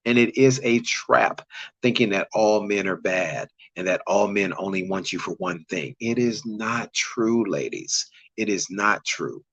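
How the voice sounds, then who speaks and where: A man's voice: low voice, fairly bright tone, dry recording. A man hosting a live relationship-coaching chat, greeting viewers by name between preacherly points and slangy asides. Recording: dull lo-fi dry sound.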